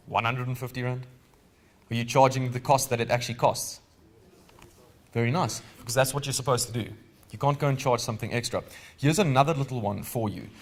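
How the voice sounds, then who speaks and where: A man with a South African accent leads a live legal training seminar, speaking in a relaxed, conversational way at a normal mid-range pitch. He frequently pauses to ask the audience questions.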